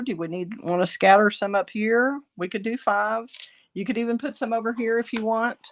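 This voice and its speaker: A middle-aged woman, raspy from bronchitis, chatting through a card-making tutorial as she works. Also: medium pitch. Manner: chatty, thinking aloud while working. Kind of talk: casual craft tutorial.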